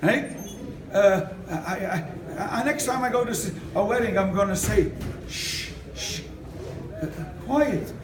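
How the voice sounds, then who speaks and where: An older man gives a lively sermon, acting out the people in his stories. His voice sits very high, and he is heard from a distance across a roomy, echoing hall. A faint hum of background noise lies under him. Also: normal speed. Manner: animated, acts out quotes, laughs often. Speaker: rabbi. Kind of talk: sermon with storytelling. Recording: echoey room from far off.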